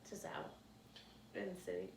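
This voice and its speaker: A woman's voice: moderate pace, crowd noise. A woman co-hosting a podcast in casual chat, telling stories with lots of laughter and acted-out quotes. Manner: laughs often, animated storytelling with acted quotes. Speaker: podcast co-host. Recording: roomy, slightly distant mic.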